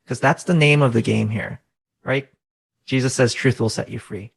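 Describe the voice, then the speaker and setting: A man in his thirties speaks as a guest in a relaxed interview, and his voice sits mid-range with a steady gravelly rasp. He talks earnestly and reflectively, often tossing in a "right?" to check in. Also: medium pitch, moderate pace, poor audio. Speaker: guest coach. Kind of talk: conversational interview.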